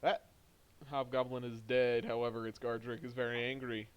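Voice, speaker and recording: A man's voice: medium pitch, level tone, moderate pace, smooth, dull audio. A man running a tabletop game as game master, giving rulings in a dry, matter-of-fact way.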